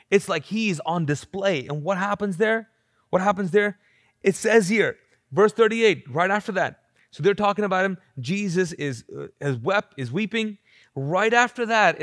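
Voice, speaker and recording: A man preaching a live church sermon in an animated, conversational way, acting out quotes and restarting often. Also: sits high, no room sound, studio quality. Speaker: pastor.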